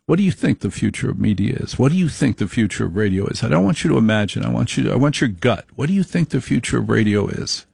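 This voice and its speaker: Male radio exec, gravelly delivery, punchy repetition, dry close sound. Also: mid-range voice, expressive, fast, few pauses, a little mellow, dry recording. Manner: emphatic, repetitive, salesman-like. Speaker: radio executive giving a speech. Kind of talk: speech to radio affiliates.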